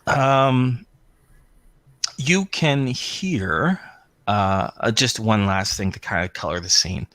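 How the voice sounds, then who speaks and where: A man's voice: on the low side, animated, slow, a bit bright, no echo. Man game master, dry close sound. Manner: rambling, many fillers. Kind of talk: narrating a tabletop game.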